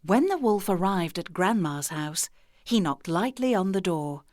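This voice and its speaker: A woman narrating a children's storybook in an expressive, sing-song manner. She takes her time, letting her voice climb and dip through each sentence. The recording is close and dry, with no room sound. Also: fairly low pitch, unhurried, no room sound.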